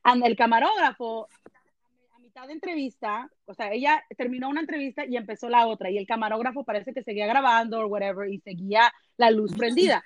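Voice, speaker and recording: A woman telling an animated story in a casual chat, switching between English and Spanish. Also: on the high side, rapid-fire, no echo, lo-fi sound. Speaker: entertainment journalist guest.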